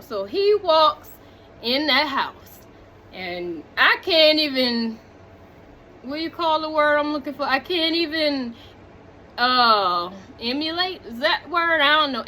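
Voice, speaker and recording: A woman recapping a movie in casual chat, animated and talking straight to her viewers, drifting off on tangents. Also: sits high, slight background noise. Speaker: movie reviewer.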